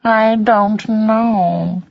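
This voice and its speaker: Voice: steady tone, drawn-out words, vocal fry, no echo. A reader doing a small frightened kitten. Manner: small, high, breathless. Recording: dull lo-fi recording.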